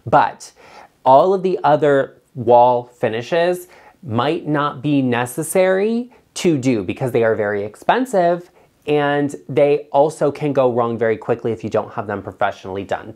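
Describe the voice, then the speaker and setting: A man hosting an interior design vlog, talking straight to viewers in a chatty, emphatic way, with big jumps up in pitch on his asides. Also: a little mellow.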